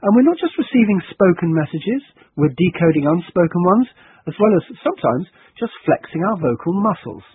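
A man presenting a radio documentary, narrating from a script and interviewing guests in a measured, wry way. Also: high-pitched, sing-song, breathy edge, no room sound. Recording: dry, narrow tinny broadcast sound.

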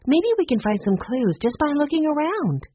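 A woman's voice: high voice, big pitch swings, normal speed, highs cut off, slight background noise, pitched above the performer's own voice. A woman voicing an eager, determined girl sleuth who talks insistently and impatiently, in a storybook reading.

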